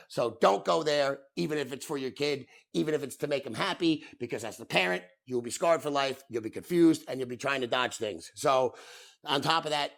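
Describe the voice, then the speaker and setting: A man in his thirties hosting a podcast, telling stories in a profane, animated comedic rant. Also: medium pitch, gravelly. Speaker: podcast host.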